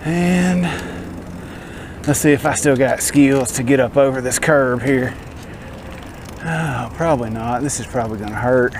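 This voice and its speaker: A Southern man huffs and puffs as he pedals his bike and chats to the camera in a slow, folksy drawl. His voice is at a middling pitch and comes through an action camera. Heavy traffic and road noise run under everything he says. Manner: folksy, self-deprecating, talks to viewers as y'all. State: out of breath. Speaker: vlogger. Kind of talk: casual vlog narration while cycling. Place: outdoors on a bicycle by the road.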